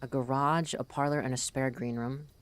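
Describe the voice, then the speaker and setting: A woman streamer giving live commentary as she plays a game, reacting out loud, swearing and reading in-game text aloud. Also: extremely low pitch, steady tone, normal speed.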